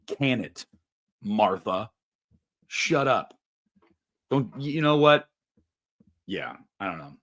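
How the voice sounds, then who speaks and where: A man's voice: mid-range voice, big pitch swings, takes it slowly, long pauses, a bit bright. Male host, casual comic ranter, mid-range voice, playful indignation. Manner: joking, mock-indignant, competitive rant. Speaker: podcast host. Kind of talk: casual chat.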